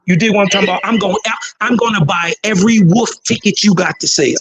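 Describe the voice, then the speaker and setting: A man's voice: sits high, fast, fairly bright tone, slightly rough, no room sound, poor audio. A man co-hosting a casual podcast discussion, talking in a drawling, slangy way. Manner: drawling, slangy, says "you dig what I'm talking about".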